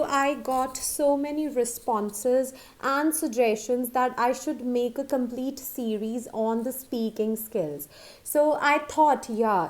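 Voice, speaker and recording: A high-pitched woman teaches pronunciation in an unhurried, casual video lesson. She speaks slowly, fills pauses with "uh" and checks in with "okay?" and "all right?" as she goes. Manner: slow, with many fillers and checks like "okay?".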